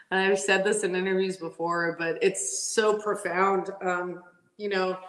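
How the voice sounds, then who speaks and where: A woman's voice: lowish voice, reverberant, rough recording. A woman drag racing driver telling stories in a casual interview, laughing often and acting out what people said. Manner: animated, laughs often, acts out quotes.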